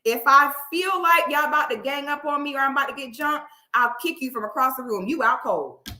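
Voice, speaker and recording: A woman with a sharp, bright voice sits before the camera and vents, emphatic and loaded with profanity. Her speech keeps climbing in intensity. The sound carries a noticeable room echo. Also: high-pitched, a little fast. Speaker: online commentator. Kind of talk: heated talk to camera.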